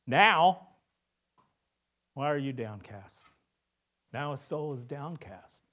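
A male pastor preaching a sermon in a conversational way, often asking "right?" and swinging between loud emphasis and hushed lines. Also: mid-range voice, a little slow.

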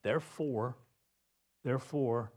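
Guy preaching a sermon, talks like a normal chat, keeps asking right?, goes loud then real quiet. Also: mid-range voice, takes it slowly. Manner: conversational preaching, tag questions, swings from loud to hushed. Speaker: pastor.

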